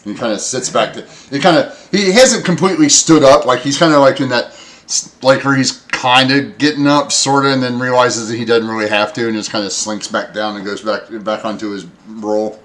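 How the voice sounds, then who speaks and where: A man running a tabletop game as game master, narrating with many pauses and fillers. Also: mid-range voice, a bit bright. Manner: hesitant, filler-heavy narration.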